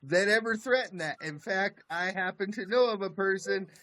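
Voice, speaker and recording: Laid-back young man with a high voice. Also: moderate pace, pushed and bright, dry recording. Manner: laid-back, profane, agreeing with short yeps. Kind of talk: casual storytelling chat.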